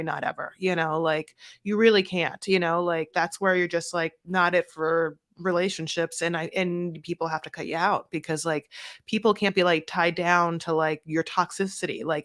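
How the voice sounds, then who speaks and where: A woman co-hosting a podcast in loose, casual chat. She talks in an animated way, stuffing her sentences with fillers. She jumps into acted-out quotes as she recaps. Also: on the low side. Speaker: podcast co-host.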